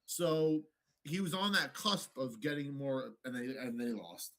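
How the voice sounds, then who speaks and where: A man co-hosting a podcast, chatting about fights in an animated, profane way and slipping into mock voices. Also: medium pitch, unhurried. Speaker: podcast co-host. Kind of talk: casual sports banter.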